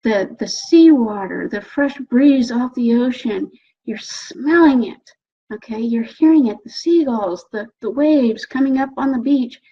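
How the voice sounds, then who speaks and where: A woman giving an animated motivational talk, coaxing the listener and often checking in with "okay?". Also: on the high side, unhurried, slightly rough. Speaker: motivational speaker. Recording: dull lo-fi recording.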